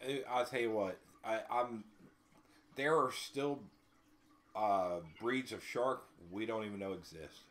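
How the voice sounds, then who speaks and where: A man's voice: on the low side, a little slow, a bit bright. A man co-hosting a casual podcast chat, joking around and laughing often.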